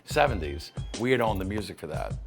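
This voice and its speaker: A man's voice: low-pitched, very animated, over music. A man, a veteran musician, telling a story about his youth and acting out the people in it. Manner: fast, gravelly, acts out quotes. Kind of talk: casual storytelling.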